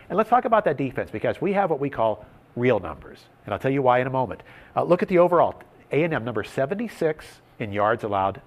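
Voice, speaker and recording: On a sports betting talk show, the male host leads the segment in a lively, emphatic manner, laying out odds and stats in a medium-pitched voice.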